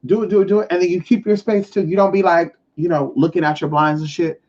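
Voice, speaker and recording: A woman's voice: fairly low pitch, fast, muffled recording. A woman hosting a live stream as a spiritual advisor, talking bluntly and with heavy swearing, often acting out other people's lines. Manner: blunt and profane, with lively acted-out quotes. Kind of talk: casual live-stream talk.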